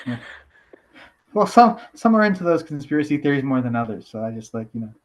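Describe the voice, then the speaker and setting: A man's voice: medium pitch, big pitch swings, a little fast, poor audio. Hesitant, self-deprecating male guest. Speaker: guest, comic writer. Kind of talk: casual video call chat. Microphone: video call.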